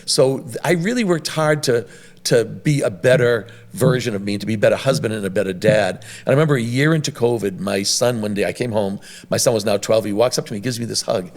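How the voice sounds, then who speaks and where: A middle-aged man, a restaurant owner, telling long stories on a podcast in a rambling, animated way with many restarts. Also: lowish voice, fairly quick. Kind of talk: conversational podcast storytelling.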